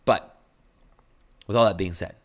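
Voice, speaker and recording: Deep-voiced and measured, with fairly even intonation, a young man hosts a podcast. His casual motivational monologue is blunt and earnest, and he describes his tone as aggressive.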